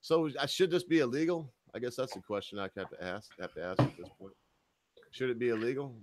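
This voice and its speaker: A man's voice: medium pitch, expressive, fairly quick, background noise. A man co-hosting a casual podcast, bantering in a crude, mocking, joking way. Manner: profane, mocking, jokey.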